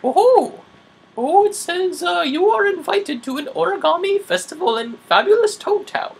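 A man doing a high, exaggerated impression of a cheery adult male plumber hero from a video game, with frequent whoops. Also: lively intonation, normal speed, gravelly, full character voice. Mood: gleeful.

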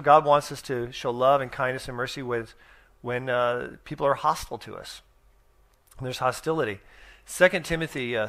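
A man's voice: mid-range voice, creaky, fairly bright tone. A middle-aged man preaching in a church, telling stories in a folksy, rambling way with many restarts and fillers. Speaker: guest speaker. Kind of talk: sermon storytelling.

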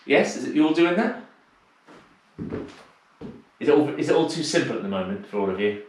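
A man's voice: mid-range voice, expressive, fairly quick. A man teaching a live online dance class, counting the steps aloud in rhythm and explaining them in a chatty way between counts, a little out of breath. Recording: echoey room, distant mic, noisy.

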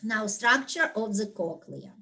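Woman lecturer, slow deliberate delivery, naturally loud, medium pitch, walks students through slides. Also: sing-song, rough recording. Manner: unhurried, explanatory, with fillers and throat clearing; talks loudly by habit. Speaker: anatomy instructor. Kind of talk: recorded video lecture.

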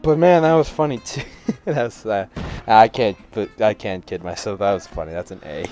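A man giving excitable reaction commentary to memes, with loud outbursts and frequent laughter. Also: lowish voice, moderate pace, soft background music.

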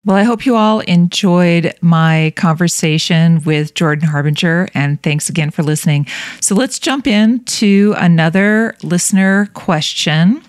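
A woman's voice: fairly low pitch, a little slow, a little mellow, dry recording, studio quality. A woman with a New England accent, a podcast host chatting frankly and giving practical advice. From New Hampshire. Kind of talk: interview chat and advice talk.

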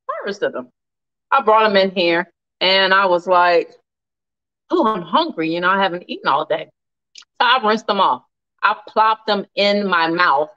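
A woman hosting a casual live cooking stream, animated and laughing often as she reads viewer comments aloud. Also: mid-range voice, highs cut off.

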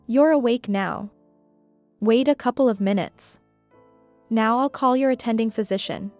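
A brisk young nurse, polite but firm, as a woman narrator reads her. The voice is fairly high with faint music behind. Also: darkish tone, no room sound.

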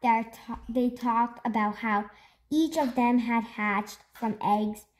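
A woman hosting a storytime, reading a children's picture book aloud in an expressive, slow storytelling manner. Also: on the high side. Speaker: storytime host.

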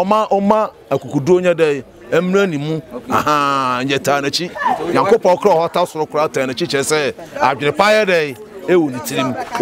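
A man giving an impassioned street interview outdoors, rising to excited pleas. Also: on the high side. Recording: outdoor crowd noise. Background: crowd chatter.

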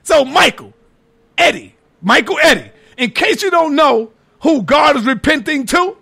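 A man giving a heated, profane preaching-style lecture, mocking his critics and often shouting for emphasis. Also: very high voice, very animated, unhurried, vocal fry. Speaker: religious lecturer.

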